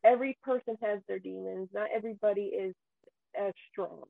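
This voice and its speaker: A woman ranting with anger and deep feeling, swearing often, her voice near tears at times. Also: fairly even intonation, brisk, vocal fry, no room sound. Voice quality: profane, heated, voice near tears. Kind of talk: angry emotional rant. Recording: tinny phone-like sound.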